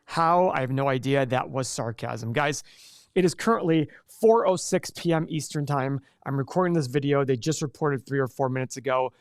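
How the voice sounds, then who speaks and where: A man giving a quick, energetic reaction to a company's earnings, throwing in sarcastic asides and correcting his own math as he goes. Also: mid-range voice, no echo, clean studio sound. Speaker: stock market commentator.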